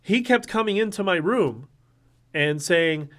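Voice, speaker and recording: A man hosting a casual livestream, talking in an animated, ranting way and swearing now and then. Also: high voice, measured pace. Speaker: livestream host.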